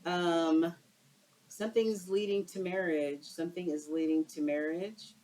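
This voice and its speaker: A woman's voice: fairly low pitch, fairly even intonation, measured pace, warm tone, slight background noise, rough recording. A woman doing a casual tarot card reading for her viewers, exclaiming and using slang as she turns the cards. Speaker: tarot reader.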